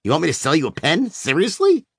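A man's voice: a little high, huge pitch swings, fast, vocal fry, husky, no room sound, studio quality, exaggerated voice. A man voicing a cynical, brash male sales executive who talks bluntly and snappily. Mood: skeptical.

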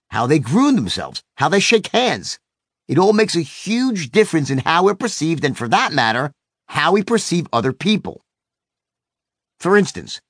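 A man's voice: fairly high pitch, fairly bright tone, dry recording, studio quality. A man narrating a self-help book as a sales and communication trainer, emphatic and punchy, telling stories.

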